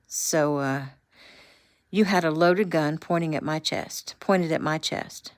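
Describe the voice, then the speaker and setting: A woman's voice: sits low, takes it slowly, dry recording, studio quality. A woman reading as a flustered city businessman. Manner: earnest, slightly flustered. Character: polite city businessman, nervous around guns.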